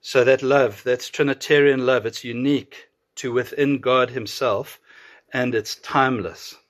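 A man preaching a sermon, earnest and emphatic, slowing to draw out key words. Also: medium pitch, steady tone. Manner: earnest, with emphatic drawn-out pauses. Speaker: pastor.

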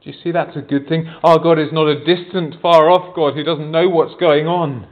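A man's voice: on the high side, steady tone, normal speed. A man preaching a sermon, earnest, often turning to the congregation with rhetorical questions. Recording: tinny phone-like sound.

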